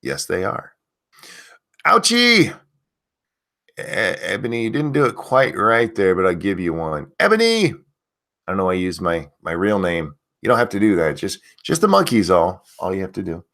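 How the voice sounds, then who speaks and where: Lively, swearing male stream ranter. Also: fairly quick, few pauses. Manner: profane, ranting, reads chat aloud; lively pitch, mocking voices. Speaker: streamer host. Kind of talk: casual livestream rant.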